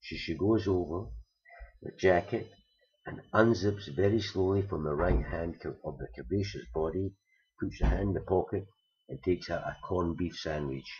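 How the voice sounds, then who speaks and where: A man telling long jokes, building them slowly with repeated phrases, on a dull recording. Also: low voice, darkish tone. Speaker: comedian. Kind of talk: stand-up joke telling.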